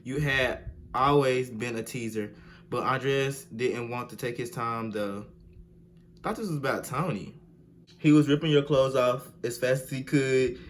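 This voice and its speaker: A young man hosting a video, reading fan fiction aloud with slangy, animated, mock-outraged commentary and bursts of sing-song. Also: mid-range voice, measured pace, slight background noise. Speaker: video host.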